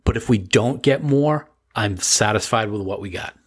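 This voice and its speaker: A man's voice: lowish voice, normal speed, husky. A man co-hosting a casual podcast chat, joking around and rambling with restarts. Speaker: podcast co-host.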